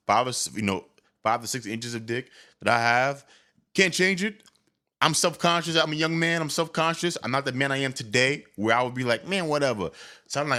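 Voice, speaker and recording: Candid, bright-voiced young man telling a story. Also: mid-range voice. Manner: candid, animated, with stammered restarts. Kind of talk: casual comedic storytelling.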